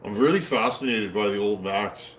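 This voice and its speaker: A man's voice: fairly low pitch, moderate pace, slight background noise. Folksy Canadian man in an echoey workshop. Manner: folksy, rambling, answers chat comments aloud. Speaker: chainsaw builder hosting a live stream. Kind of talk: casual live-stream chat. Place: home workshop.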